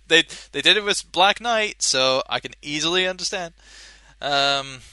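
A young man hosting a casual solo podcast, rambling and animated, swearing casually and laughing at his own jokes. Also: fairly high pitch, measured pace, dry recording. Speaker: podcast host.

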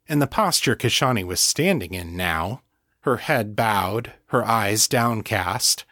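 A man reading his own novel aloud as narrator, with a calm, measured storytelling delivery. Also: fairly low pitch, dry recording, clean studio sound. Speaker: author and audiobook narrator. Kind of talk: scripted narration.

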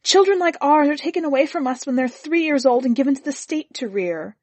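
A woman voicing a tense young wife in a read-aloud story, pitching her voice higher and speaking with earnest strain. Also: animated, moderate pace, darkish tone, no room sound. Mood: pleading. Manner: earnest, strained, rising to anger.

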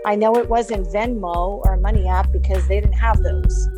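A woman's voice: mid-range voice, steady tone, moderate pace, over music. A woman in her forties casually recounting her own story in an interview, rambling and acting out bits of dialogue. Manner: rambling, with frequent restarts and quoted dialogue. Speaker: victim telling her story.

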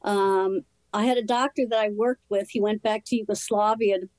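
A woman telling her personal recovery story in conversation, candid and earnest, in short halting phrases. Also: medium pitch, steady tone, a little mellow, no echo, poor audio. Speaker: interview guest.

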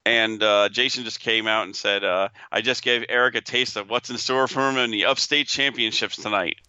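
A man co-hosting a casual podcast, his voice sharp and very bright. The recording is dry and somewhat dull, with little room sound. He talks easily and keeps chiming in with quick agreement. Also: lowish voice, fairly even intonation, clean tone, dry recording. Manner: agreeable, chimes in with short replies. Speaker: podcast co-host. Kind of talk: casual chat.

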